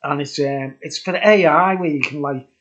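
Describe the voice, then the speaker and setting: A man's voice: on the high side, moderate pace, fairly bright tone. A man casually reviewing a beer on his vlog, chatty and enthusiastic, rambling with laughs. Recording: dull lo-fi recording.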